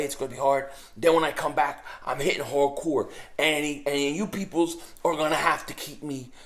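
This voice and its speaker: A middle-aged man rants to camera about his team, his voice sitting a little higher than most men's. He talks casually and emphatically, hammering the same phrase again and again as he gets worked up. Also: echoey room. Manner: emphatic, repetitive, excitable. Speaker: sports vlogger. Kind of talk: casual fan rant to camera.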